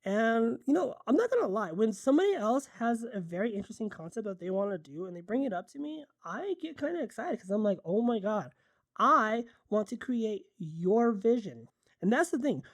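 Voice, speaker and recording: A woman's voice: fairly high pitch, animated, fast, hardly any pauses, a little mellow, no echo, clean studio sound. A woman photographer chatting casually in a vlog, rambling and enthusiastic, often correcting herself mid-sentence. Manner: drinking coffee while talking. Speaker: photographer and content creator.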